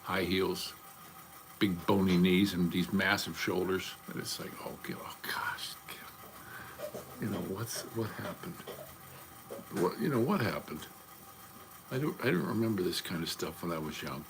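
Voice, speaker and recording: A man's voice: sits low, unhurried, creaky, pauses often, slight background noise. An older man chatting casually on a livestream, rambling from topic to topic in a blunt, profane way. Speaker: livestream host.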